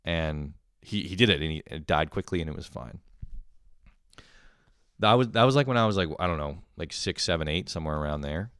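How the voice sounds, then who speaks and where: A man's voice: low-pitched, animated, brisk, fairly bright tone, clear, resonant tone, no room sound, clean studio sound. A young man telling a rambling, profane story in a casual monologue, often laughing at himself. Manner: rambling, swears a lot, laughs at his own stories. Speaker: podcast host.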